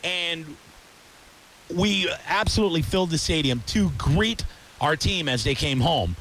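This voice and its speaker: Male sports radio host, high, lively voice, heated ranting delivery. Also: measured pace, a little hiss or hum. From Tampa area. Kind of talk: sports talk rant.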